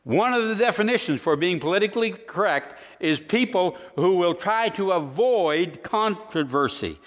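A man's voice: high-pitched, lively intonation, moderate pace, long reverb tail. A man, a pastor, preaching a sermon in a folksy way and telling jokes as he goes.

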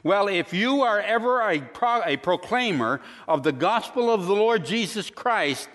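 A man's voice: sits high, expressive, a little slow, a bit bright, in a large hall. A man, a pastor, preaching a sermon in a folksy way and telling jokes as he goes.

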